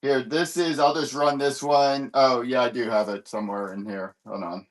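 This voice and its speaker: A man's voice: medium pitch, fairly even intonation, moderate pace. Man rambling through a live comic sale. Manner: rambling, lots of fillers and "hold on"s while searching. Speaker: live-stream comic seller. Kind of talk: casual live-sale chat.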